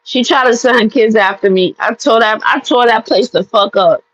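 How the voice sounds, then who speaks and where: A woman's voice: fairly high pitch, moderate pace, breathy edge, dry recording, dull audio. A woman vlogger telling a personal story as a blunt, profane, heated rant.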